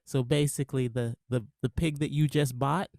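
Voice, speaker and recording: A man's voice: mid-range voice, steady tone, normal speed, vocal fry, a little mellow, no room sound, clean studio sound. A man from Jamaica, a guest in a casual comedic chat, easygoing and laughing often. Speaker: podcast guest.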